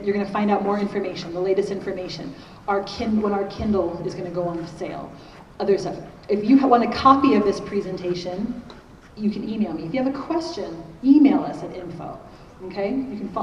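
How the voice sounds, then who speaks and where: A woman's voice: medium pitch, darkish tone. Middle-aged woman lecturing in an echoey hall. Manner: conversational, keeps checking in with "okay?". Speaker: conference speaker on parenting. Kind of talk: conference talk. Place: large conference hall. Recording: echoey hall, distant mic, faint noise.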